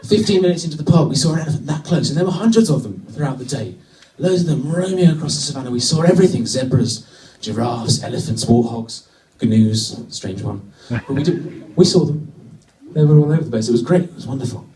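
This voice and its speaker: A man from Britain doing a stand-up routine, telling a wry story with sudden excited bursts. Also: mid-range voice, brisk, few pauses, far from the mic, a little hiss or hum. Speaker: stand-up comedian. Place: comedy venue with a live audience. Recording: echoey venue, mic from afar.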